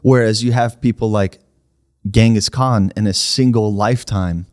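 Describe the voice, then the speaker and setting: Emphatic, low-voiced male podcast co-host. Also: steady tone, normal speed. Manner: argumentative, emphatic, pushes back. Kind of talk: casual debate chat.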